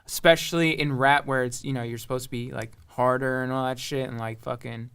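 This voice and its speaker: A young man from Long Island with a high-pitched voice, chatting casually and swearing freely, with a loose, laughing manner. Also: fairly even intonation, brisk, fairly bright tone, clean tone. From Long Island, New York. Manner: loose, profane, laughing a lot. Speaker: rapper. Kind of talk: casual chat.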